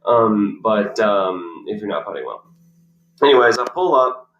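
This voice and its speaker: A man's voice: lowish voice, lively intonation, measured pace, fairly bright tone, lo-fi sound, a little hiss or hum. A man, a professional golfer on a podcast as the guest, telling long casual stories with lots of fillers and restarts. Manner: rambling anecdotes with many fillers and restarts. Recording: roomy echo.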